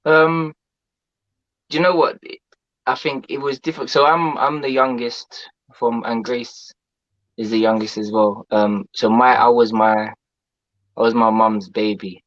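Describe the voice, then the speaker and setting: A man's voice: mid-range voice, level tone, measured pace, no echo, lo-fi sound. A man chatting casually as a guest, talking on with many fillers and restarts. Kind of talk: casual chat.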